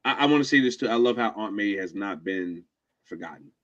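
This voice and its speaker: A man guesting on a casual movie review podcast, excitable and quick to jump in with opinions. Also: on the low side, dull audio. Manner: excitable, jumps in with opinions and laughs.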